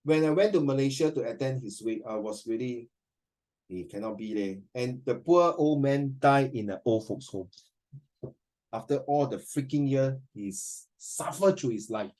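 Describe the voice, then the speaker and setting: A middle-aged man with a Singaporean English accent teaching a class, animated and emotional as he tells stories. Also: mid-range voice, moderate pace. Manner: animated, emotional, switches into Mandarin. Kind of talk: classroom lesson, emotional storytelling.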